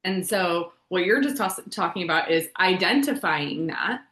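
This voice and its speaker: A woman's voice: lowish voice, expressive, normal speed, a bit bright. A woman co-hosting a podcast over a video call, talking in a casual, reflective way and building on her partner's points. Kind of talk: casual conversational podcast chat. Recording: roomy, echoey video call audio.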